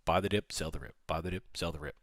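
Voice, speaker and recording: This livestream day-trading host has a very deep voice that still comes across fairly bright, and he speaks fast. Working from a small studio with no room sound, he gives live market commentary, naming price levels and answering chat in a casual, talkative way.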